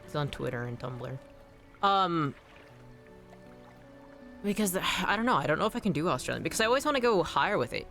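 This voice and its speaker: A man's voice: fairly high pitch, lively intonation, fairly quick, fairly bright tone, soft background music. A man streaming a game, chatting casually in a rambling, self-deprecating way. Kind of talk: casual gameplay chat.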